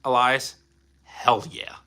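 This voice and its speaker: A man's voice: mid-range voice, fairly even intonation, takes it slowly, sharp tone, clear, resonant tone. A young man hosting a casual live stream from his home, joking as he answers chat questions.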